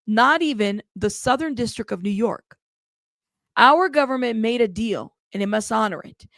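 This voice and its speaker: A woman's voice: fairly high pitch, creaky, dry recording, clean studio sound. A woman hosting a casual live news commentary show, chatty and playful, laughing often as she reads out viewer comments. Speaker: host of a news commentary livestream.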